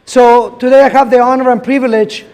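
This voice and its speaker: Alderman, very high voice, measured formal remarks, some ums. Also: steady tone, darkish tone, rough recording.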